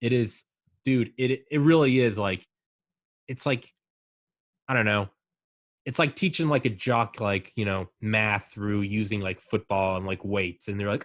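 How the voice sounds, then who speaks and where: A man in casual chat, talking excitedly and rambling with lots of fillers. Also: fairly low pitch, normal speed, no room sound.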